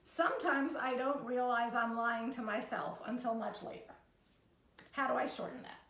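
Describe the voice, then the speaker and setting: A woman's voice: fairly high pitch, fairly even intonation, moderate pace, a bit bright, reverberant, a little hiss or hum. A woman hosting a live-stream coaching show, upbeat as she reads out listener questions. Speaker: host and coach.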